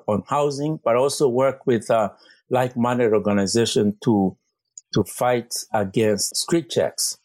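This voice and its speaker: A man's voice: fairly low pitch, darkish tone, no echo. A man working as a community organizer, answering interview questions earnestly with frequent fillers and restarts. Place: Vancouver.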